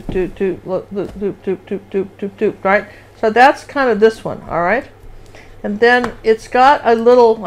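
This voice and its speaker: A woman leads a live painting class in a loose, rambling, friendly way. She hums little rhythmic sounds as she draws and keeps up a running commentary. Her voice sits at an ordinary middle pitch for a woman. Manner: chatty, rambling, sings little "do do" rhythms while drawing. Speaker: painting instructor and show host. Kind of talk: live painting lesson with casual chat.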